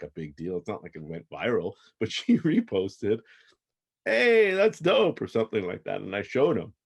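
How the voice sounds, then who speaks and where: Man, 40s, very low voice, swooping lively delivery, casual storytelling, chuckles. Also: breathy edge. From Toronto, Canada. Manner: animated, chuckling often, restarts. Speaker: podcast guest.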